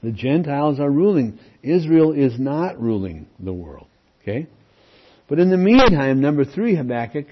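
Husky-voiced man preaching a sermon. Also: medium pitch, lo-fi sound. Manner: conversational preaching with frequent "okay?" check-ins. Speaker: pastor.

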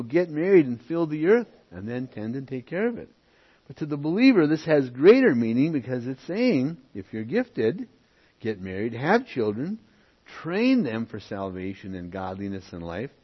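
A man leads a Bible lesson in a husky, medium-pitched voice, reading verses aloud and breaking off to comment on them with asides. The recording sounds muffled and lo-fi.

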